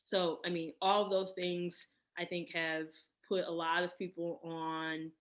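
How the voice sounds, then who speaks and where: Woman, 30s, interview guest; lowish voice, reflective and thoughtful. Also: little pitch movement, slow pace, muffled recording. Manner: reflective, many fillers and restarts. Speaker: podcast guest, cosmetic chemist. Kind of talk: casual interview.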